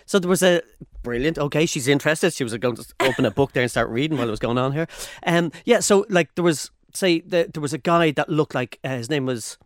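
A man's voice: a little high, fast talker, no echo, studio quality. A man, a comedian co-hosting a podcast, telling playful stories in casual chat. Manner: playful, storytelling.

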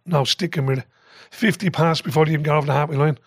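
Guest: older Irish man, high-pitched and animated, sweary storyteller, dry close mic. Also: quick pace, slightly rough, no room sound. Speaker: podcast guest, former football manager. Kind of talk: casual storytelling chat.

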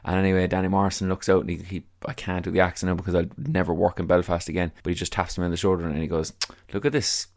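Irish guy hosting a podcast, rambly and self-deprecating, swears a lot, lowish voice. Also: level tone, racing, few pauses, darkish tone. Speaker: podcast host. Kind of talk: casual podcast intro and interview.

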